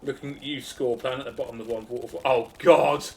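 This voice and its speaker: A man's voice: medium pitch, steady tone, a little fast, creaky, a little mellow, slight background noise. A man streaming a game, chatty and joking, swearing for laughs. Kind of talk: casual gameplay commentary.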